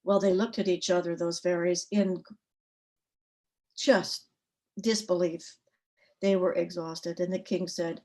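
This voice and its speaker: A woman storyteller at a story swap, telling a folk tale with an expressive, rhythmic cadence. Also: on the low side, slow pace, long pauses.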